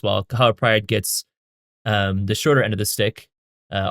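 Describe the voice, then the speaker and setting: A man's voice: fairly low pitch, no echo. A man moderating a live Q&A, reading out fan questions hesitantly with many ums.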